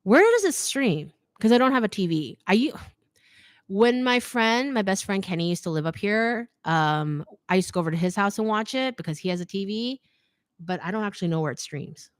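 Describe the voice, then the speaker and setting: A woman in her thirties hosting a live Q&A stream, a chatty, animated storyteller who keeps adding "okay?". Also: medium pitch, fairly quick, dry recording, studio quality. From United States. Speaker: host of a fashion design channel. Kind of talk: live Q&A stream, casual chat.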